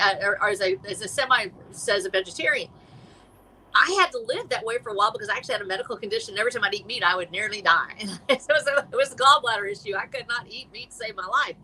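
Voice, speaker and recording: A middle-aged woman, chatting as a guest author on a live stream, rambling and animated with many restarts. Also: fairly high pitch, a little hiss or hum, poor audio. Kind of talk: casual chat.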